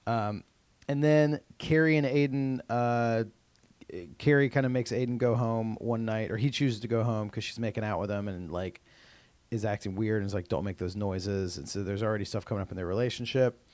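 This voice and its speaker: A man with a fairly low, somewhat mellow voice co-hosts a podcast, speaking fairly quickly with fairly even intonation and no room sound. He goes over a TV episode in loose conversation, full of fillers like "um" and "uh" and many restarts.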